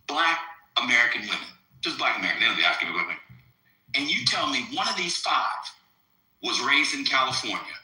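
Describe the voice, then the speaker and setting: Guy ranting on a live stream, super bright voice, pitch all over the place, echoey room. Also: a little fast. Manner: animated, provocative, swings loud to soft. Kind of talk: crude casual live-stream debate.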